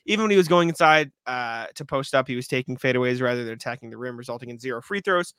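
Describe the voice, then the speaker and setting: A man co-hosting a casual sports podcast who reads listener emails and jokes around with his partner, with hiccups and throat clearing. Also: mid-range voice, animated, a bit bright, no echo, studio quality. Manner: fast, joking banter with many asides. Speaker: podcast co-host.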